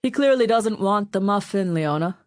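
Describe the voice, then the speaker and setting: A woman's voice: medium pitch, lively intonation, normal speed, no room sound, studio quality, close to an everyday voice. A woman voicing a fat, greedy, joking Genovese man in an audiobook, in a boisterous, teasing manner. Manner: boisterous, teasing, relishing food. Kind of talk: audiobook character voice.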